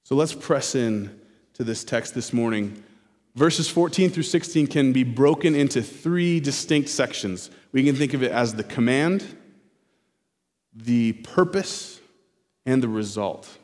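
A man's voice: mid-range voice, lively intonation, darkish tone. Man preaching in a reverberant hall. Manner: expository preaching, repeats key phrases slowly for emphasis. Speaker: pastor. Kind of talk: sermon.

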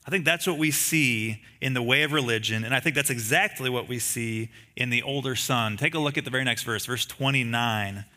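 Bright-voiced male pastor preaching conversationally. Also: mid-range voice, brisk, hardly any pauses. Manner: conversational preaching with frequent rhetorical questions; animated storytelling, acting out quotes from the story. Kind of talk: sermon.

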